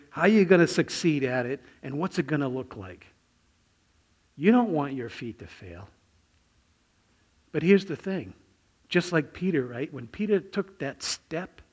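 A middle-aged man preaching a sermon, telling a personal story and swinging between hushed, near-whispered lines and sudden loud bursts. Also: fairly high pitch. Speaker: pastor.

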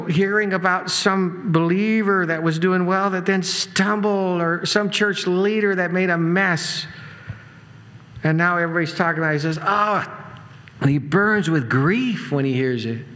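A man preaching a sermon in a conversational way, with asides and quick laughs. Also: high-pitched, a bit bright. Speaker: pastor. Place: church sanctuary.

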